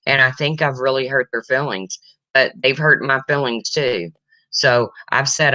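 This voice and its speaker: A woman's voice: extremely low pitch, measured pace, pushed and bright, dry recording, poor audio. A woman hosting a casual livestream chat, emotional and reading viewer comments aloud. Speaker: livestream host.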